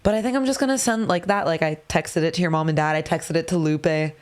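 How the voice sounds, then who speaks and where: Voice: medium pitch, quick pace. A podcast host in casual chat about a comedy show they are producing, joking and laughing often. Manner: chatty, laughs often, jokey.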